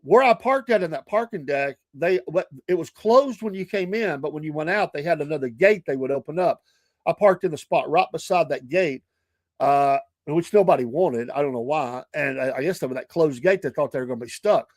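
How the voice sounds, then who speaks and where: A man's voice: on the high side, expressive, a little fast, dry recording. A middle-aged man, hosting a morning show and telling rambling, chatty stories full of asides and self-corrections. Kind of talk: casual storytelling.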